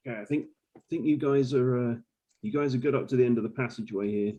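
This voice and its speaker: A man's voice: medium pitch, fast talker, mellow, lo-fi sound. A man playing in a tabletop game, talking casually and joking easily. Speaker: player.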